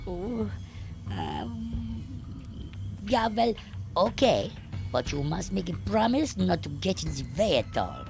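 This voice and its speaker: A fussy, neurotic little German man from an adventure game, as a woman voices him, talking in a thick mock German accent. His voice wobbles up and down in a sing-song, flustered way and has a gravelly edge. Game music plays faintly behind him. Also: medium pitch, sing-song, takes it slowly, a little mellow, full character voice. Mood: fretful. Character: fussy neurotic little male German gnome-like Worry Meister.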